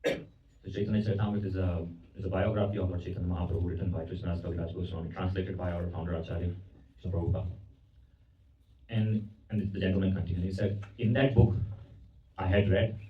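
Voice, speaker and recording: A man's voice: deep voice, flat delivery, fast talker. A man giving a devotional lecture at a temple, telling a story and asking his audience questions, often repeating words as he goes. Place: temple hall. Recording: roomy, distant, dull recording.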